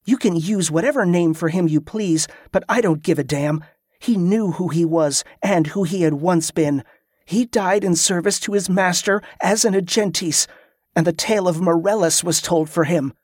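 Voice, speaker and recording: A woman's voice: on the low side, normal speed, darkish tone, no echo, studio quality, natural voice. A man voicing a firm, urgent young woman guard who gives orders.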